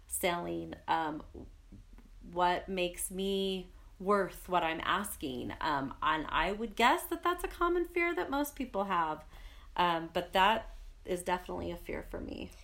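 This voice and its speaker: Podcast co-host: young woman, lower-pitched, earnest and reflective, casual chat. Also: creaky, a bit bright. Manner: earnest, reflective, speaks of spirit and purpose.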